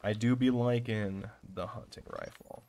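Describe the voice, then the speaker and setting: Excitable swearing young gamer man. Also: mid-range voice, moderate pace. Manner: excitable, swears a lot, talks to himself. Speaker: let's play gamer. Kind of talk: casual gameplay commentary.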